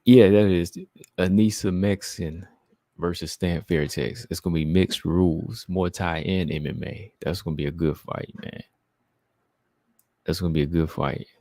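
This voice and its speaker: A man's voice: deep voice, fairly even intonation, normal speed, mellow, dry recording, clean studio sound. A man hosting a casual live stream, reading viewer comments and answering them in a chatty way. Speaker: livestream host reading chat.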